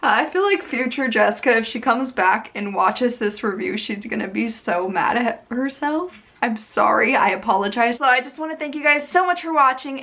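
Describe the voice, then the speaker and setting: A woman's voice: high-pitched, fairly bright tone. A young woman in a casual book review vlog, talking in an emotional, gushing and rambling way. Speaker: book vlogger.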